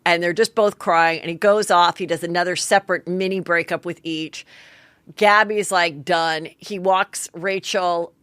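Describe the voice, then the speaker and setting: A woman's voice: on the low side, steady tone, measured pace, fairly bright tone, clear, resonant tone, no room sound. A woman podcast host doing a chatty, gossipy comedic recap and acting out quotes.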